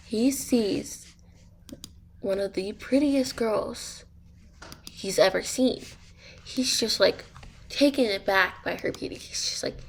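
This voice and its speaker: A woman's voice: a little high, a little slow, slight background noise. A woman casually telling a made-up story while she plays a game, rambling and getting sidetracked. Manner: rambling, easily sidetracked, many fillers. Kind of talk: casual spoken storytelling over gameplay.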